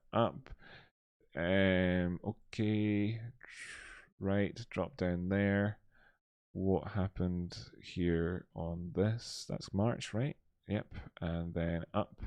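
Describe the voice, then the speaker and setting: Brief: low-voiced male live-stream host, loose and rambling, dry close sound. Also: a little mellow, clean tone, no room sound. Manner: loose, thinking aloud with many fillers. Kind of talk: live-stream chat and chart analysis.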